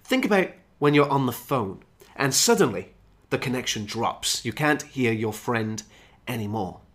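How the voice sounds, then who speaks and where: A man explains everyday phrases like a teacher, his pitch rising and falling in an animated way. He speaks clearly and acts out the example phrases as he goes. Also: a little slow. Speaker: English teacher. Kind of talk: scripted podcast lesson.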